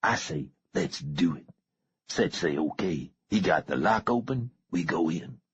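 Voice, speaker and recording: Man voicing a boastful hurt teen gangster, husky strained throat, slow drawl, dull lo-fi recording. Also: low voice, expressive, dry recording, heavily acted. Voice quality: husky whisper, street slang. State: sore throat. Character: injured teenage gang boy, boastful.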